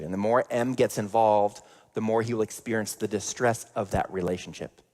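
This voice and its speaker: A man preaching a sermon in a conversational way, acting out everyday examples. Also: mid-range voice. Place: church sanctuary. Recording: long church reverb.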